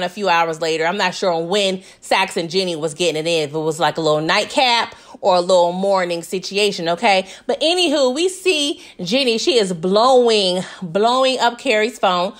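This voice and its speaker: A woman casually recapping a TV episode, chatty and animated, laughing often and talking straight to her viewers. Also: medium pitch. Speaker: TV recap vlogger.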